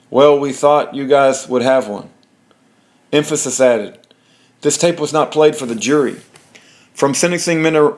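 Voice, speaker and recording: A man reading legal documents aloud in a plain way, with fillers and restarts. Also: mid-range voice. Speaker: reader of court documents.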